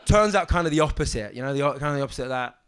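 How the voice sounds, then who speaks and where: A young man doing a stand-up set on a club stage, with a halting deadpan delivery full of ums and restarts. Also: mid-range voice. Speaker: stand-up comedian. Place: comedy club stage with audience. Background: audience laughter.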